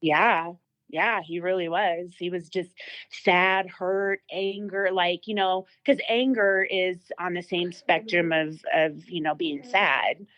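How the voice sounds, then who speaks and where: A woman with a fairly low voice recounts a personal experience as a podcast guest. She talks vividly and keeps backtracking with fillers and restarts. The audio sounds dull and lo-fi. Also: steady tone, slow, a bit bright. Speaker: podcast guest telling her story. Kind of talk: personal testimony.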